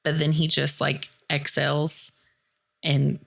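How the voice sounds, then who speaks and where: A woman's voice: low voice, fairly even intonation, takes it slowly, sharp tone. A young adult woman hosting a podcast, casually recapping a horror film in a chatty way, full of "like" and "dude". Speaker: podcast host.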